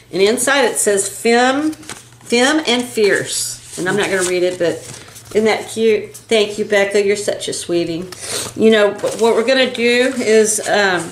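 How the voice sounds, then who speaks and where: An older woman co-hosting a beauty channel, chatting casually and gasping with delight as she unboxes makeup gifts. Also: mid-range voice. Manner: gushing, gasping with excitement, chatty. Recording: echoey room with faint hiss.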